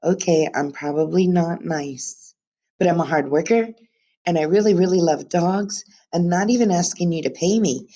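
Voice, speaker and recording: A woman's voice: lowish voice, moderate pace, dark tone, muffled recording, natural voice. A woman reading aloud as a persistent twelve-year-old girl who talks eagerly and pleads, recorded on a webcam. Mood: pleading.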